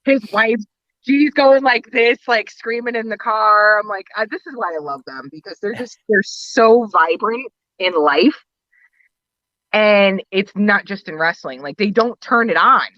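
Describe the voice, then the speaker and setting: A woman's voice: medium pitch, unhurried, sharp tone, no echo, highs cut off. A woman talking about her work as a wrestling booker and valet in a casual podcast interview, a chatty storyteller who laughs often.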